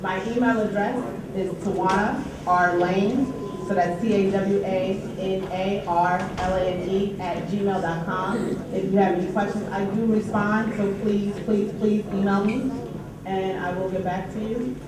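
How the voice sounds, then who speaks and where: A woman's voice: mid-range voice, unhurried, a crowd in the background. A woman with a New York accent, a union treasurer giving committee reports at a members' meeting. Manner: upbeat, animated when announcing. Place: large meeting hall. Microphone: distant from the recorder. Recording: echoey hall from far off, background noise.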